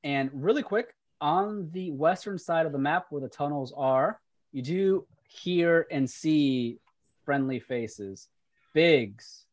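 A man's voice: a little high, lively intonation, takes it slowly, dry recording. Game master man, dry close sound. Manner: explains rules aloud while reading. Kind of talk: narrating and ruling a tabletop game.

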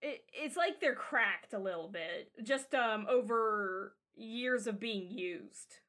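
A woman running a tabletop game, narrating at a slow, unhurried pace. Her voice is high and bright, and she rambles through scenes with plenty of fillers. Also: lively intonation. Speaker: game master.

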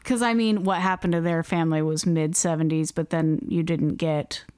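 A woman co-hosts a chatty podcast. She tells her story in an animated way and slips into the voices of the people she quotes. Her voice is smooth and clean, recorded with very little room sound. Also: deep voice, normal speed, no room sound, studio quality. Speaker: podcast co-host. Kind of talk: casual chat.

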